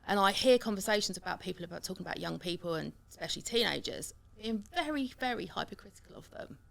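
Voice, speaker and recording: Woman, opinionated podcast talk, gravelly tone. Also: mid-range voice, fast talker. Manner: animated, opinionated. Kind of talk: casual podcast chat.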